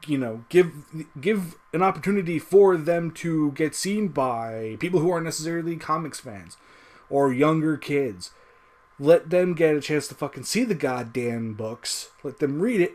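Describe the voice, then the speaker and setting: A man ranting casually to his audience, swearing constantly, heated and emphatic. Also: normal speed. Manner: profane, heated, lively swings in pitch. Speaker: video creator. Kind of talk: casual rant to camera.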